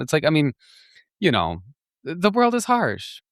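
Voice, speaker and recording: A man hosting a podcast, telling a story in a chatty, animated way, laughing often and restarting his sentences. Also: fairly high pitch, moderate pace, no room sound, studio quality. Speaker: podcast host. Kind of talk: casual storytelling monologue.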